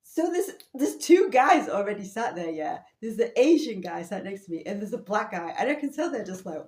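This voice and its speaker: A woman telling a personal story in an animated, incredulous way, often laughing. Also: mid-range voice, a little fast. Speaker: vlogger. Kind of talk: storytelling monologue. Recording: roomy echo.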